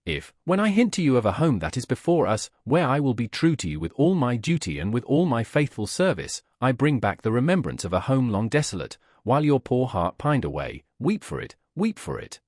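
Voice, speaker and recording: A man's voice: mid-range voice, big pitch swings, brisk, few pauses, darkish tone, no room sound, clean studio sound. A man playing a tender, pleading young woman.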